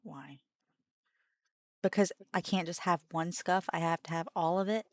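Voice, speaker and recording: A woman's voice: on the low side, unhurried, no room sound. A woman co-hosting a game stream, chatting bluntly and with playful drama. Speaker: streamer co-host. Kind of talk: casual chat while gaming.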